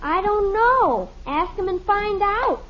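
A woman's voice: extremely high pitch, animated, slow, a little hiss or hum, full character voice. A woman playing a chatty, blunt little girl in a 1950s radio sitcom, on a dull lo-fi old radio recording. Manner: blunt, matter-of-fact childish talk.

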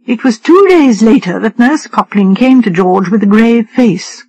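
A woman audiobook narrator reading a story in a measured, even way. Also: medium pitch, rough recording. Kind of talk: scripted narration.

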